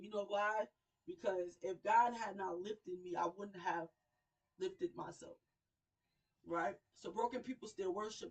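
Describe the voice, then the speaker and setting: Slow, impassioned woman preaching from afar. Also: medium pitch, husky, recorded from a distance, low-quality recording. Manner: emotional, repetitive preaching cadence, swells and drops in volume. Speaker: radio show host. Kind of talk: impassioned sermon-style talk.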